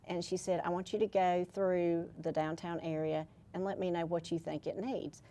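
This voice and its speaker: A woman's voice: lowish voice, steady tone, normal speed, dark tone. A woman from the Carolinas with a light Southern accent, telling her story enthusiastically as an interview guest. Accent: Southern American.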